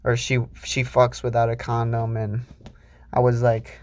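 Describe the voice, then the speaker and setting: A young man hosting a solo podcast, ranting crudely and rambling with lots of swearing, swinging between loud outbursts and low mutters. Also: completely flat delivery, unhurried. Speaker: podcast host.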